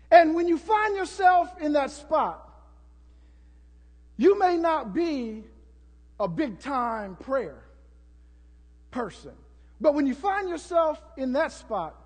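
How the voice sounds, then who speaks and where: A man preaching a sermon as pastor, building to shouts and acting out prayers to the congregation. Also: extremely high pitch, long reverb tail.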